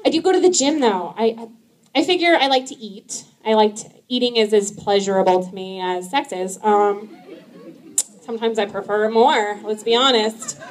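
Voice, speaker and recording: A woman in her thirties doing a stand-up comedy set, chatty and laughing often, with many likes and ums, jumping high when she quotes herself. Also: normal speed.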